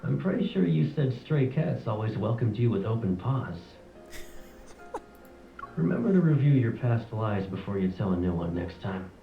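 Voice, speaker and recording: An actor playing a sick young man who acts tough and brushes off help, his voice hoarse and cracking, curt and teasing. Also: on the low side, very animated, unhurried, dull audio, soft background music, heavily acted. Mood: dry, teasing. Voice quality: gravelly. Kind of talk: game voice acting.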